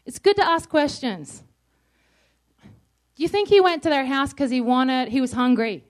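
A woman's voice: high voice, normal speed. A woman from Australia preaching a conversational sermon and asking her listeners questions. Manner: conversational, asks the crowd questions.

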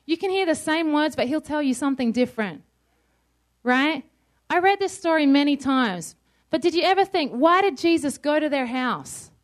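A high-pitched woman from Australia delivers a sermon in an easy, conversational way. She keeps asking her listeners questions and answers them herself. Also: lively intonation, moderate pace. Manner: conversational, asks the crowd questions. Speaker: preacher.

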